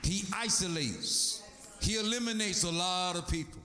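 A man's voice: high voice, normal speed, pushed and bright, echoey room. A man preaching a sermon, calling to the congregation for responses and breaking into song.

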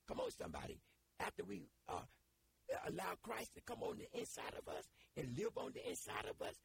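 A preaching man with a gravelly, rough edge to his voice. His pitch sits very high and swings widely as he urges on his listeners. He repeats phrases in a call-and-response style. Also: slight background noise. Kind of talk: sermon.

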